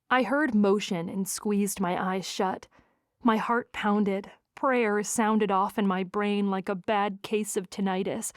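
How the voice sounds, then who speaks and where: A woman narrating a first-person romance audiobook in an expressive, wry manner. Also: mid-range voice, takes it slowly, clean tone, no echo, clean studio sound.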